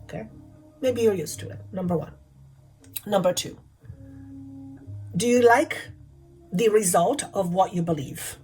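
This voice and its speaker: A woman's voice: medium pitch, measured pace, long pauses, a little mellow, poor audio. Woman, spiritual healer voice, talks over faint music, repeats questions for emphasis. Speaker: channeler and energy healer. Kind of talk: spiritual guidance talk.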